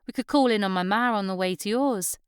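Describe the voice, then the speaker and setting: A woman voicing Susan, a bold, chatty young local woman who talks in a brash, lively way. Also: medium pitch, a little fast, smooth, dry recording, clean studio sound, lightly acted.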